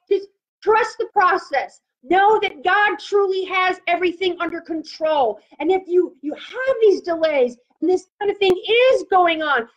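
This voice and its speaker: A woman preaching a sermon and praying, emphatic and repeating phrases for effect. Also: very high-pitched. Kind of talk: sermon with prophetic prayer. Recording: muffled lo-fi audio.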